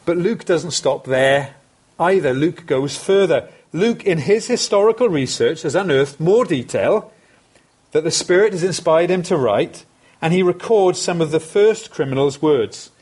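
A man's voice: a little high, expressive, measured pace, darkish tone, slightly rough. A man preaching a sermon, earnest and emphatic, repeating phrases for stress.

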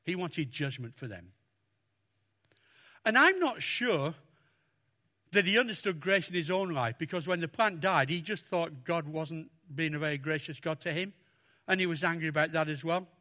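A man preaching a sermon, talking through a Bible passage with lots of expression and acting out the lines he quotes. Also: moderate pace. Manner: expressive, animated, acts out quotes with raised pitch.

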